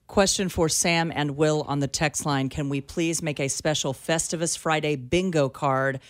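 A woman's voice: deep voice, steady tone, moderate pace. Playful woman co-hosting talk radio. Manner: playful, joking. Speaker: radio co-host.

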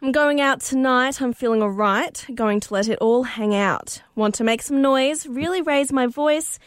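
A woman's voice: high-pitched, normal speed, over music. A woman, a co-host reading song lyrics in a mock newsreader voice on a radio show.

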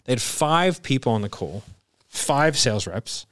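Animated storytelling man, dry close mic. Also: mid-range voice, measured pace, dry recording. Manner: animated storyteller, acts out quoted voices with laughs. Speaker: podcast host. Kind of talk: casual chat.

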